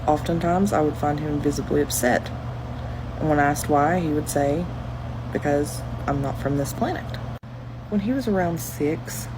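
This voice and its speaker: A mother with a very low voice speaks calmly and evenly about her son. A clear air-conditioning hum runs underneath. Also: normal speed. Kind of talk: casual storytelling.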